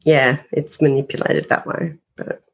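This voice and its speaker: A woman's voice: low-pitched, little pitch movement, unhurried, creaky, slightly rough. A woman, a paranormal investigator telling stories as a guest in a casual interview, rambling and full of fillers.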